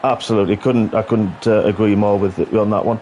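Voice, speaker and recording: A man co-hosting a racing league stream, talking with many pauses and fillers as he announces drivers. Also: lowish voice, fairly even intonation, dark tone, slight background noise. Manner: hesitant, lots of uhs and ums. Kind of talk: live stream chat commentary.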